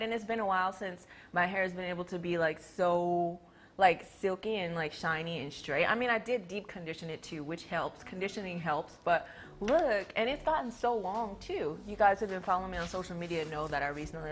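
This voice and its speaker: A woman's voice: fairly low pitch, normal speed, soft background music. A young woman hosting a casual livestream product demo in a studio, talking chattily and playfully through a clip-on mic. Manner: chatty, filler-heavy, playful. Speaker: livestream host.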